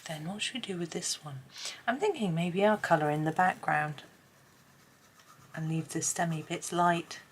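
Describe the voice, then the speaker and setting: A hoarse woman with a chatty, rambling manner talks casually while colouring, often dropping to a near whisper. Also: on the low side, moderate pace, slight background noise. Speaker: colouring channel host.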